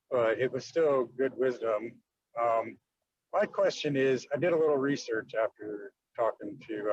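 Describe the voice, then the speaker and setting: A man's voice: medium pitch, lo-fi sound, slight background noise. A man on a video call asking the group a long question, rambling with many fillers. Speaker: team member asking a question.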